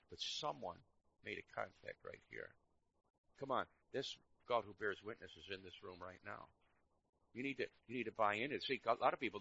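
A middle-aged man preaching a sermon, swinging between loud emphatic lines and quiet asides. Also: fairly low pitch, creaky, slightly rough. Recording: dull lo-fi recording.

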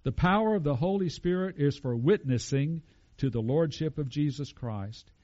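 A man's voice: fairly high pitch, animated, moderate pace, a little mellow, highs cut off. A man preaching a conversational sermon and asking his congregation questions. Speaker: pastor.

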